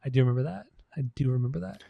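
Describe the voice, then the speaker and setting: A man's voice: mid-range voice, very fast, creaky, dry recording, lo-fi sound. A man in his thirties co-hosting a casual music podcast, talking with enthusiasm, swearing freely and repeating himself. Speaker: podcast co-host.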